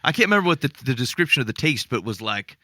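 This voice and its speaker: A man's voice: mid-range voice, sing-song, fast, bright, forceful tone, no echo. A man co-hosting a faith podcast, chatting casually and earnestly, with many restarts. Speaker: podcast co-host. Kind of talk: casual chat.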